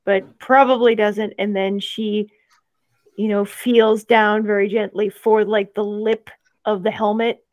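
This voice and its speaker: A woman's voice: mid-range voice, little pitch movement, measured pace, dry recording, muffled recording. A woman playing a tabletop game, chatting and describing her character's careful actions. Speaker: player. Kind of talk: casual tabletop play.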